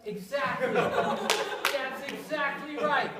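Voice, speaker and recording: Woman rabbi, storytelling for kids, draws them in with questions, slow pace, roomy sound. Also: high-pitched, fairly even intonation, recorded from a distance, crowd noise. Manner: interactive, asks children to repeat words. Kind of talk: storytelling to children. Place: synagogue room. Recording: echoey room.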